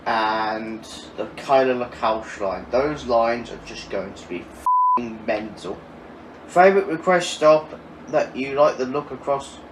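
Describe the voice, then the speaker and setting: A man in his twenties answering viewer questions in a casual, chatty way. He laughs often and swears now and then. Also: mid-range voice. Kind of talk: casual Q&A chat. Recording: echoey, distant mic with faint ambient noise.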